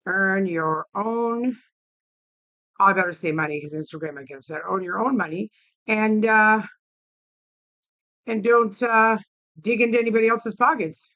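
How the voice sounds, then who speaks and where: A woman's voice: mid-range voice, a little slow, long pauses, fairly bright tone. A woman vlogger ranting to camera, heated and blunt, swearing often. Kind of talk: angry opinion rant to camera.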